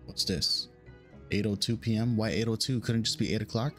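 A man's voice: lowish voice, fairly even intonation, fairly quick, fairly bright tone, faint music behind. A young man casually commenting on a horror game he plays, chatty and jokey, reading game lines aloud. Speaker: gaming YouTuber. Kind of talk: casual let's-play commentary.

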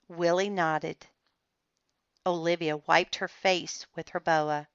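A woman reading a children's chapter book aloud in a slow, careful and expressive manner. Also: low voice, clean tone, no echo. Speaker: storybook reader. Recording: slightly dull, muffled recording.

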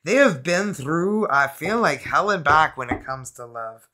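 A woman's voice: low voice, expressive, unhurried, bright, forceful tone, slight background noise. A Canadian woman giving a casual, rambling tarot reading to camera, with lots of fillers and laughter. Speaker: tarot reader.

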